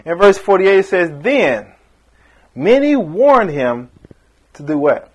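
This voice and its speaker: A man preaches with fervor, his voice sitting fairly high for a man. He swings between loud emphatic bursts and quieter, pressing questions, and now and then briefly acts out the people he quotes. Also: sing-song, slow. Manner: impassioned, rising and falling emphasis with acted-out quotes. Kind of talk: sermon.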